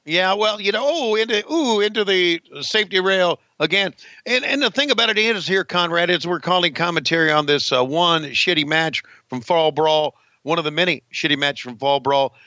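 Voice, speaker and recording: A man co-hosting a podcast, calling a wrestling match with excitable, profane play-by-play, on a dull lo-fi recording. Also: fairly high pitch, normal speed, no echo. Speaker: co-host and wrestling commentator. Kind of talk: casual podcast match commentary.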